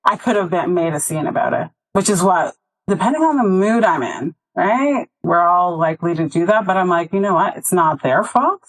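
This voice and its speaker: A woman's voice: on the low side, moderate pace, poor audio. A woman hosting a podcast, telling stories in casual chat and acting out the quoted voices. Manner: animated storyteller acting out quotes. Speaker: podcast host.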